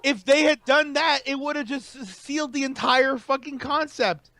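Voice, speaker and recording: High-voiced, excitable podcast man. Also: normal speed, no room sound. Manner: animated, profane, emphatic. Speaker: podcast co-host. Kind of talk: casual wrestling podcast chat.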